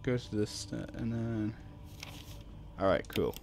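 A young Irish man streaming a video game live, chatting casually, reading out viewer messages and reacting loudly when startled. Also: fairly low pitch, slow, gravelly, faint music behind. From Ireland. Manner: casual, reads chat aloud, yelps when startled. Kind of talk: live gameplay stream chat.

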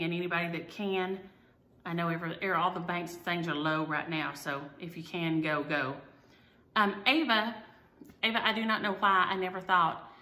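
A woman's voice: medium pitch, sharp tone. A middle-aged woman, chatting to viewers at home in a rambling, self-deprecating way. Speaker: cross-stitch vlogger. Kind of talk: casual chat to viewers. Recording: echoey room.

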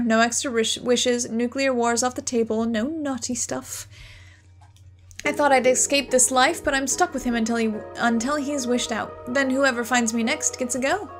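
A woman's voice: on the high side, normal speed, over music, natural voice. A woman voicing a weary genie trapped in a lamp, in a dry, put-upon manner.

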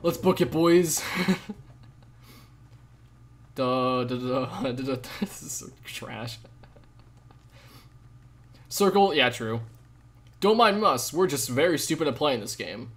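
A young man live-streaming a game, chatting with viewers in a jokey, rambling way with sudden loud outbursts. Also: mid-range voice, expressive, slow pace, long pauses. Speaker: gaming streamer. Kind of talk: live gameplay commentary with chat.

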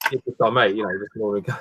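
A man with a husky voice chats casually on a live call. He hesitates and repeats words as he talks. The sound is dry and close. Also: fairly low pitch, fairly even intonation, a little fast, a bit bright, dry recording.

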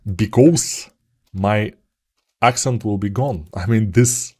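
Slow-talking Bulgarian man, low voice. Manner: rambling, self-mocking, jokey asides. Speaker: 3D art tutor. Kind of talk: live commented modeling tutorial.

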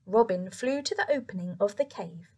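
A young woman reading a picture book aloud to children, soft and expressive, with whispered asides. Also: mid-range voice, normal speed, slightly rough. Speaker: children's story reader.

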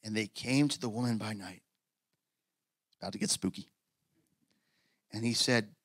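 Animated, forceful male pastor preaching. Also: lowish voice, normal speed, long pauses, no echo. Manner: animated, conversational preaching with asides; acts out scripture quotes in character voices. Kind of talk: sermon.

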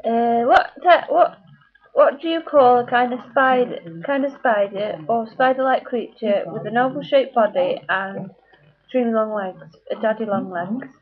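A woman's voice: fairly high pitch, fairly even intonation, normal speed. A British woman vlogger reading a word list and answering questions about what she calls things, in a chatty way. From United Kingdom. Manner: chatty, reads words one by one. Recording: tinny phone-like sound.

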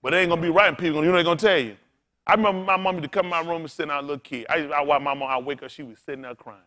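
A man's voice: on the high side, very fast, pushed and bright. A man pastor preaching a sermon in a blunt, colloquial way, swearing freely and firing questions at the congregation.

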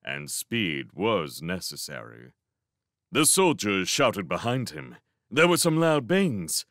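Man, storybook narration, low voice, lively pitch swings, measured, dry close sound. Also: no room sound. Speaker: reader. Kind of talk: audiobook narration.

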